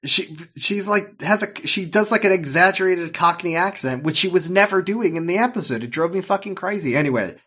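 Rambling exasperated man, slightly high voice. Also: lively intonation, pushed and bright, breathy edge. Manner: rambling, exasperated, halting with fillers. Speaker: podcast co-host. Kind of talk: casual chat recapping a TV episode.

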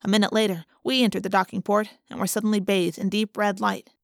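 A woman reading a first-person audiobook in a steady, measured storytelling voice. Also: medium pitch, creaky, no room sound, clean studio sound. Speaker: audiobook narrator.

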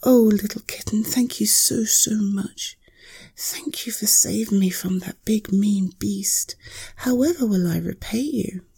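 A woman voicing a small, frightened young male bunny in a soft, breathy whisper for a bedtime story. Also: mid-range voice, measured pace, heavily acted. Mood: grateful.

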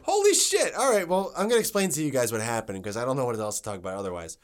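A man's voice: medium pitch, expressive, rapid-fire. Swearing New Jersey guy podcasting. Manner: laughing, swearing, rambling. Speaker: podcast co-host. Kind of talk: casual chat.

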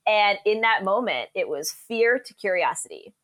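A lively woman guest recounting stories from her life on a podcast. She talks casually, laughs through her anecdotes and acts out the voices of the people she quotes. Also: mid-range voice, moderate pace. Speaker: meteorologist guest. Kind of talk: casual storytelling interview.

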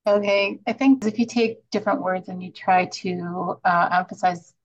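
A woman with a lowish, flat voice explaining a point with examples and plenty of hedging fillers. Her audio is dull and lo-fi, like an online call. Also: normal speed. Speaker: participant. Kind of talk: casual group discussion.

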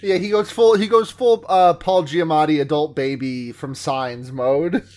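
A man with a high voice chats on a podcast, getting worked up and laughing over a movie's silliest moments. He repeats himself to push a point home. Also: measured pace. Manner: excitable, laughing, emphatic about funny details. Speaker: podcast co-host. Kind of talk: casual chat.

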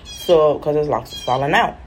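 Animated woman telling stories. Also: deep voice, moderate pace, slight background noise, poor audio. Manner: animated, chatty, acts out voices. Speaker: vlogger. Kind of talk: casual storytelling.

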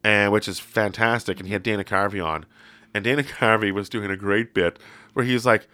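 A man hosting a podcast, talking in a loose, rambling way full of "like" and "um." His voice is bright and forward, and it is heard dry and close. He keeps it casual and jokey. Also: fairly low pitch, fairly even intonation, fairly quick, no echo. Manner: rambling, filler-heavy, jokey. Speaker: podcast host. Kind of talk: casual chat.

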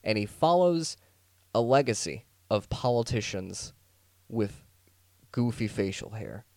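A man's voice: lowish voice, lively intonation, unhurried, a little mellow, no room sound. A man hosting a podcast, telling a true-crime story as a rambling, jokey monologue full of restarts and sarcastic asides. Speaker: podcast host.

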